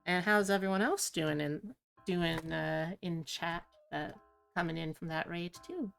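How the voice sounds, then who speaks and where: A woman streamer talking slowly in a fairly low voice, chatting casually from a home setup at her desk microphone. She keeps a low-key, self-deprecating ramble going, with faint music under her. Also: steady tone, vocal fry, a bit bright, clean tone. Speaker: streamer host. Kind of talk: casual live-stream chat.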